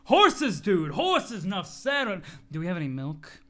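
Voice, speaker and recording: A man's voice: sits high, expressive, moderate pace, pushed and bright. A man voicing a pushy young man obsessed with showing off his muscles, bellowing orders and biting off his own curse words. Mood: giddy.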